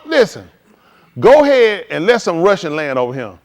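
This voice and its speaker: A man with a high, sing-song voice preaches at a normal pace during a livestreamed scripture teaching. Emphatic and full of street slang, he repeatedly asks his listeners rhetorical questions.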